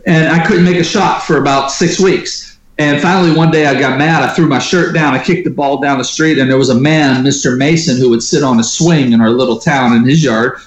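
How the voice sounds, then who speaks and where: A man telling personal stories as an interview guest, lively and acting out the dialogue he quotes. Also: mid-range voice, brisk. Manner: animated storyteller who acts out quoted dialogue. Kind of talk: storytelling in a conversational interview. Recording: roomy echo.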